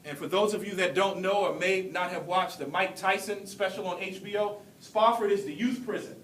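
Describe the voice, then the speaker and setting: A high-voiced man in his forties from Brooklyn delivers a keynote address, telling his story earnestly with deliberate pauses. He stands well back from the mic in a large, echoing hall. A faint rumble hums underneath. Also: fairly bright tone, recorded from a distance. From Brooklyn, New York. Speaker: keynote speaker. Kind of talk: motivational speech.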